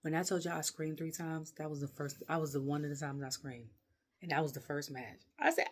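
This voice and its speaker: Woman, casual rant, rambling, animated, laughing often. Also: low voice, brisk. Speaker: wrestling reviewer.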